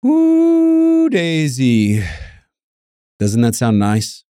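A man's voice: lowish voice, unhurried, dark tone, no echo, clean studio sound. A man preaching a sermon, earnest and emphatic, repeating key lines and reading scripture aloud.

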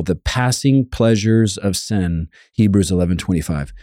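A man's voice: fairly low pitch, measured pace, hardly any pauses, mellow, no echo, clean studio sound. A man preaching a sermon, earnest and emphatic, repeating key lines and reading scripture aloud.

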